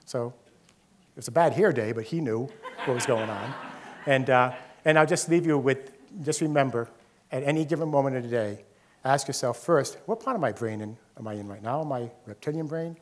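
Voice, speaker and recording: A man lecturing on the brain to an audience, in a voice of middling pitch. He explains step by step, poses rhetorical questions and circles back to the same examples. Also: normal speed, slight background noise. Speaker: neuroscientist lecturer. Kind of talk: public lecture with slides. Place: lecture hall.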